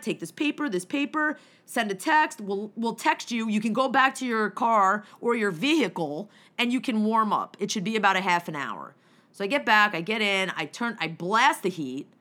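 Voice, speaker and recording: A young adult woman telling a story as a profane, animated rant, acting out her own retorts. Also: mid-range voice.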